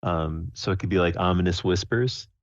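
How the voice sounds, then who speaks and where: A man's voice: sits low, normal speed, dry recording, highs cut off. A man playing a tabletop game, describing his moves hesitantly with many fillers. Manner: hesitant, full of "like" and "um". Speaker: player.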